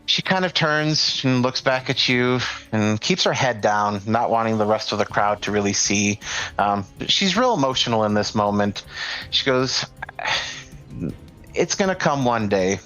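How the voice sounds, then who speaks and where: A man's voice: lowish voice, expressive, moderate pace, bright, forceful tone, dull audio, soft background music. Casual man narrating as game master. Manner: casual, many fillers like "like" and "um".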